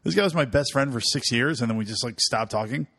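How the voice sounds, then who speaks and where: A man's voice: mid-range voice, fast, creaky, fairly bright tone. A man co-hosting a podcast in casual comedic chat, joking and laughing often. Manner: joking, laughs often, puts on voices in stories. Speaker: podcast co-host.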